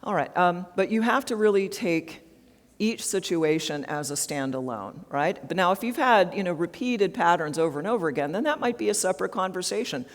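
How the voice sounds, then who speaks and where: A woman giving an interactive HR training talk at a conference, often checking in with the audience with tag questions. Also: fairly low pitch. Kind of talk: interactive workshop presentation. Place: large conference hall. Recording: long hall reverb.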